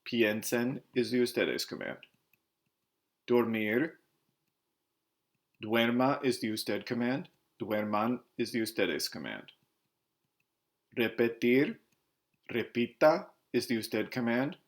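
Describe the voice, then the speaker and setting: A Spanish teacher recording a slide lesson, explaining verb endings and spelling out stems letter by letter, moving between Spanish and English. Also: male voice, mid-range voice, animated, takes it slowly, pauses often.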